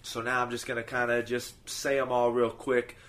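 A man telling short parables in a relaxed, casual podcast manner, often restarting his sentences. His voice sits at an ordinary middle pitch. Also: normal speed. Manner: easygoing, with restarts. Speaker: podcast host. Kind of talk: casual storytelling.

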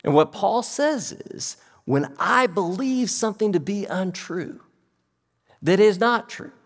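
Animated male pastor in an echoing hall. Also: high-pitched, slow pace. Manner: animated, quizzes the congregation. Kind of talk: sermon. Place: church sanctuary before a congregation. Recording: long hall reverb.

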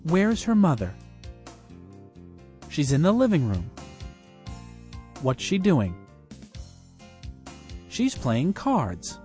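A speaker reading slow question-and-answer drills for a language lesson. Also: medium pitch, huge pitch swings, warm tone, soft background music.

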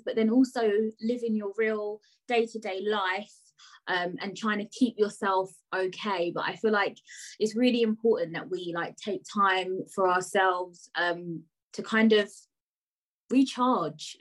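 A woman's voice: mid-range voice, rough recording. A woman with a British accent hosting a podcast, chatting and asking her guest questions in a casual, filler-laden way. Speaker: podcast host. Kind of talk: casual interview chat.

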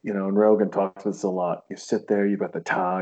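A man with a low, dark, husky voice rambles through a casual podcast chat. The audio is dull and lo-fi. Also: flat delivery, fast, hardly any pauses. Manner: rambling, slips into put-on voices.

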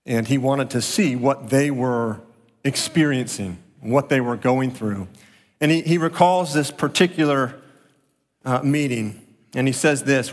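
A man's voice: mid-range voice, unhurried, in a large hall. A man preaching a sermon as pastor, telling stories earnestly and repeating phrases for emphasis.

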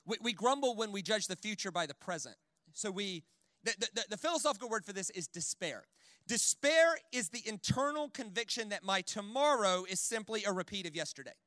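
A man preaching a sermon in a church in an animated, conversational way, full of jokes and quick "right?" asides. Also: high-pitched, no echo, studio quality. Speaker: guest preacher. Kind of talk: sermon with storytelling.

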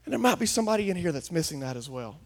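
A man preaching a folksy sermon, swinging from hushed asides to loud, emphatic declarations. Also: a little high, big pitch swings, very fast. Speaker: pastor.

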